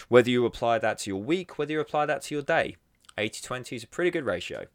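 A man's voice: medium pitch, fairly bright tone, no echo, studio quality. A man hosting his own podcast, talking casually and animatedly and laughing at his own slips. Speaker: podcast host. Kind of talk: solo podcast monologue.

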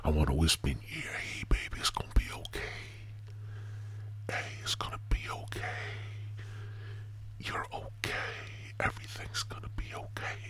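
A man's voice: extremely low pitch, sing-song, slow, hardly any pauses, background noise, pitched below the performer's own voice, full character voice. A man doing a mock-seductive whispered role-play, breathing sweet nothings close to the ear.

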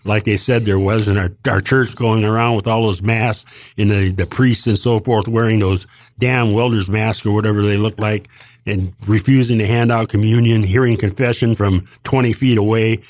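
A man's voice: lowish voice, steady tone, normal speed, darkish tone. An older man delivering a heated, rambling opinion monologue as a podcast co-host, emphatic and indignant, with frequent restarts.

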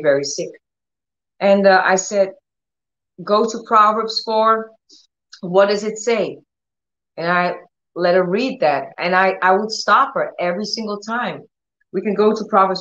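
A woman preacher telling a healing testimony in an animated way, acting out the dialogue as she goes. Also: medium pitch, highs cut off. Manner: animated storytelling, acts out dialogue. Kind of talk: testimony teaching.

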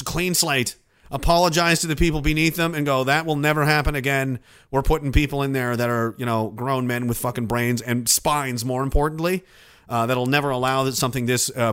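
A man's voice: fairly high pitch, sharp tone. A man delivering sarcastic, profane, indignant commentary.

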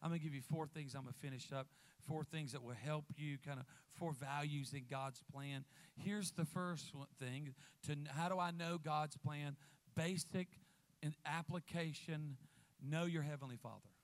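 A man preaching a sermon as a guest pastor, lively, calling out to the congregation. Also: a little high, moderate pace. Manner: lively preacher, calls out to the crowd.

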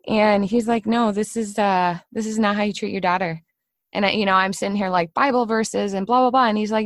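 A woman's voice: medium pitch, steady tone, brisk, no room sound. A middle-aged woman hosting a casual podcast conversation. She tells her stories with energy and acts out the voices she quotes. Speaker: podcast host.

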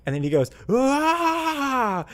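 Male co-host, animated storyteller, casual chat register, voices quotes as he goes. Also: medium pitch, fairly quick. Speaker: podcast co-host. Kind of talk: casual chat about video games.

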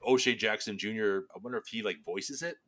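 A man in casual chat reacting to a trailer, excited and rambling with lots of fillers. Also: fairly low pitch, fairly quick.

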